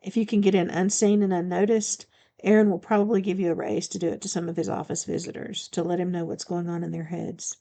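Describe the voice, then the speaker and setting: A woman's voice: fairly low pitch, little pitch movement, quick pace, creaky, mellow. A woman reading the part of a blunt, commanding male shifter bodyguard in an audiobook, speaking firmly and matter-of-factly.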